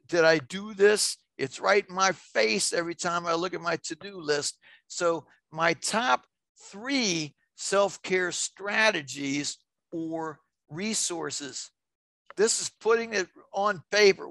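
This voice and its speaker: An older man giving an informal, enthusiastic webinar presentation on self-care, filling pauses with "uh" and "you know" and getting louder when excited. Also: high-pitched, gravelly, dry recording. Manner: enthusiastic, gets loud when excited, many fillers.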